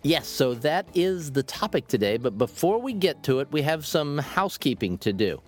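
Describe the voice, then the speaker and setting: A man's voice: a little high, sing-song, moderate pace, soft background music. A man co-hosting a casual podcast, chatty and friendly, with some stammered starts. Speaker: podcast co-host. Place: home in Florida.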